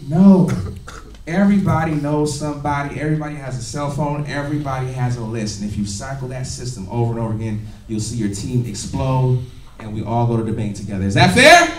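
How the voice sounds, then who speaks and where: A man giving an energetic, laughing motivational business training to a live audience in a meeting room. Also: medium pitch, a little fast, distant mic, a little hiss or hum. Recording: echoey room, recorded from afar.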